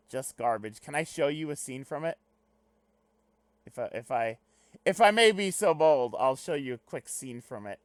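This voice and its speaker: A young man reading a webcomic aloud on stream, breaking off into loud, animated asides. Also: medium pitch, no echo. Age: young adult. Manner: animated, swings to loud excited rants.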